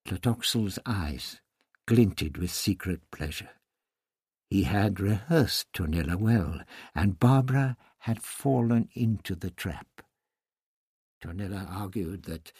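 A man reading a novel aloud in a measured, even manner. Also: low voice, breathy edge, studio quality. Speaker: audiobook narrator. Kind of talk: scripted narration. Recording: long reverberant room.

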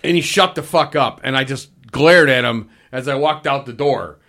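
A middle-aged man hosting a podcast, telling profane, animated stories and acting out the quotes in casual chat. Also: mid-range voice, normal speed. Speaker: podcast host.

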